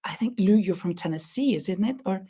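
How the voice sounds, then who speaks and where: A woman from Norway with a Norwegian accent, hosting a casual live crochet chat in a halting way, with many fillers and restarts. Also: mid-range voice, expressive, mellow, slightly rough. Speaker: crochet channel host.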